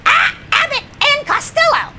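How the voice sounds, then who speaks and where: A woman voicing an eager, cheeky pirate crew sidekick who opens lines with a drawn-out "ah". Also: very high-pitched, very animated, heavy background noise, exaggerated voice. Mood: excited.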